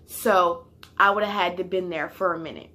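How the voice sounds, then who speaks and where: A young woman casually telling a storytime, animated and heated, with slang and swearing, sometimes sinking to a near whisper. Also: on the low side, moderate pace. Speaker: vlogger.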